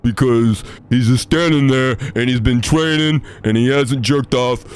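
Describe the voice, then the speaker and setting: A man's voice: medium pitch, unhurried, clear, resonant tone, close to an everyday voice. A man doing a comic impression of a slurring, mumbling male movie boxer, talking out of the side of his lip. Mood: rambling.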